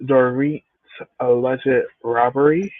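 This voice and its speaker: A man's voice: mid-range voice, steady tone, slow pace, no echo. A man co-hosting a show review, giving his opinions in casual chat and repeating points for emphasis. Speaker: podcast co-host. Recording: tinny phone-like line with faint hiss.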